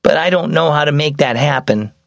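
A man's voice: a little high, brisk, creaky, no echo, clean studio sound. A man voicing a worried young schoolgirl who wants to please everyone, in a storybook reading. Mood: anxious.

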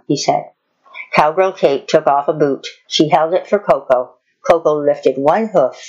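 A woman reading a children's story aloud in a steady, unhurried way. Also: low voice, slightly rough, lo-fi sound. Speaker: storybook reader.

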